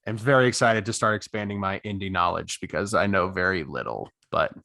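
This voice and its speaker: A man's voice: deep voice, fairly quick, creaky, pushed and bright, dry recording. A young American man with an American accent, co-hosting a podcast in upbeat, casual chat. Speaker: podcast co-host.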